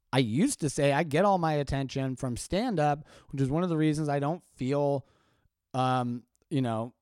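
Guy on his podcast ranting, swears a ton, kinda high smooth voice, dry close sound. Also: no echo. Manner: profane, sardonic rant with frequent laughs. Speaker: podcast host and stand-up comedian. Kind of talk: casual podcast monologue.

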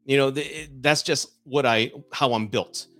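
A loose, chatty man with a Southern Texan drawl talks at a middling pitch on his live stream and drops the odd swear word. Faint music plays behind him. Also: normal speed, fairly bright tone. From South Texas, USA. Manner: chatty, loose, swears, reads comments aloud. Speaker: divorce podcast host. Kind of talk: live-streamed casual monologue.

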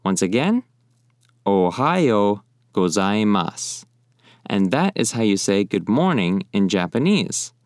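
A young man teaching in a friendly, casual way, often repeating phrases slowly. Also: on the low side, big pitch swings, no echo, studio quality. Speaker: language teacher. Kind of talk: casual spoken lesson.

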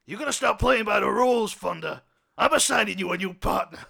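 Guy playing a stressed out fat cop captain, yelling high and gravelly, always fed up. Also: animated, a little fast, exaggerated voice. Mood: exasperated yelling. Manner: bellowing, exasperated yelling. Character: shouting, stressed, overweight balding middle-aged male police captain.

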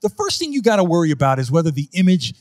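A man's voice: a little high, big pitch swings, very fast, darkish tone. A man being interviewed about wildlife photography, telling stories emphatically and acting out other people's voices. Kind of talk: animated interview storytelling.

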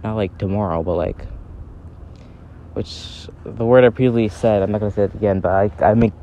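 A man chatting in a casual, rambling vlog from a park, talking haltingly with lots of fillers. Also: fairly low pitch, fairly even intonation, warm tone, dull audio, a little hiss or hum. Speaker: vlogger. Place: outdoors in a park. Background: faint breeze and park ambience.

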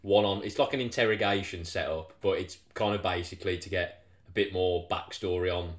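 Male co-host, lower voice, swears a lot, echoey room. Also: fairly quick. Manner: animated storyteller, swears freely, acts out quotes. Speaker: podcast co-host. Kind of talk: casual chat.

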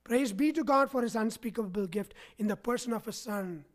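A man's voice: sits high, fairly quick. A man preaching a sermon to his congregation, often checking in with them by asking "right?". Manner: asks the congregation frequent "right?" tags. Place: church.

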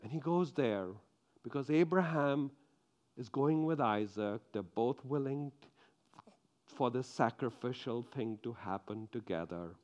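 A man preaching a sermon, with emphatic stresses that drop into quiet, drawn-out lines. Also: mid-range voice, lively intonation, highs cut off.

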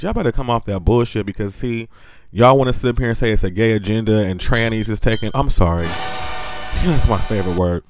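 A man's voice: fairly low pitch, quick pace, music in the background. A man hosting a podcast, ranting and gossiping in a sassy, blunt, profane way and laughing often as he talks. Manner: animated, sassy, laughs often while talking. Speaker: podcast host.

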